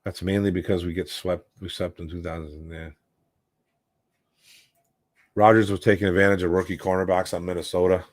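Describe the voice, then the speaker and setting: Michigan sports talk host, frustrated rambling delivery, dry close sound. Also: male voice, low voice, level tone, normal speed, long pauses, no room sound. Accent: Detroit, Michigan. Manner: frustrated, rambling, calls listeners bro and man. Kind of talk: casual sports talk, reading chat questions.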